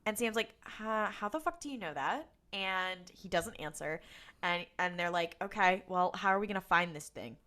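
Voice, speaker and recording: A woman's voice: lowish voice, lively intonation, moderate pace, bright, forceful tone. A woman co-hosting a casual recap podcast, telling the story with lots of energy, acting out lines and laughing often. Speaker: podcast co-host.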